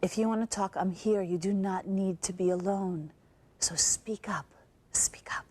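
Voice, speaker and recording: A woman voicing a caring social worker who speaks softly and reassuringly in a stage monologue. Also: mid-range voice, fairly even intonation, moderate pace, pitched below the performer's own voice, natural voice. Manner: soft, reassuring, hushed.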